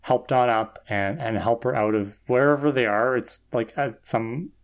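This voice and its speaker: A man's voice: mid-range voice, steady tone. A man with an everyday middle-range voice runs through a story scene by scene. He is a podcast co-host, dry and wry in his asides, keeping the chat loose and casual. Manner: wry, quick plot retelling.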